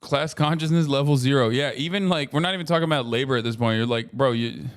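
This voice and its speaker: A man's voice: mid-range voice, quick pace, clean tone. A man in his thirties talking casually on a livestream while reacting to a video, profane, rambling and sarcastic.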